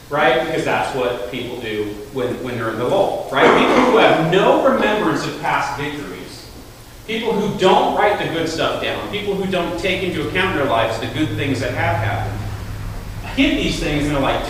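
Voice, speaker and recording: A man preaches in a relaxed, chatty way, often slipping into quoted voices to make a point. His voice sits high and swings widely in pitch. He is heard from across a reverberant hall with faint room noise. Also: a little fast. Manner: animated, conversational preaching with acted-out quotes. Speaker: pastor. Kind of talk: sermon. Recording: echoey hall, voice from far off.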